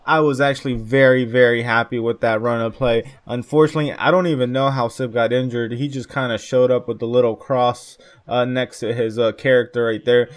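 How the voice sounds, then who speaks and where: A young man talks his viewers through a football video game match in a loose, chatty way. He gets excitable over the big moments and keeps calling his audience "boys." His voice sits at an ordinary middle pitch for a man. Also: a little fast, hardly any pauses. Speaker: gaming YouTuber. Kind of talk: gameplay commentary.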